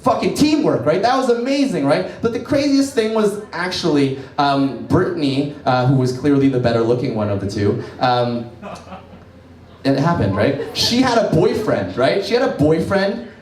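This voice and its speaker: A man performing a stand-up comedy set in a cafe bar, telling stories in a quick, rambling way with lots of "right?" and "you know". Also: fairly high pitch, big pitch swings, darkish tone. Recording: echoey bar room, camera from far off.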